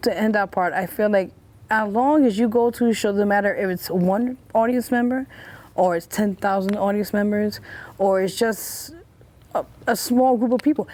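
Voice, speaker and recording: A woman's voice: mid-range voice, a little mellow. Woman talk show host, encouraging, affirming, studio interview. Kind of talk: interview hosting.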